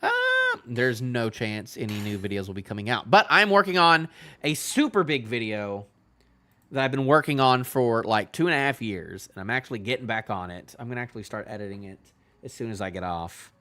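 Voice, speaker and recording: Bright-voiced man rambling casually. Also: animated, brisk. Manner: rambling, fills with "you know"; low-key and trailing off. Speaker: manga reaction channel host. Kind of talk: casual solo commentary.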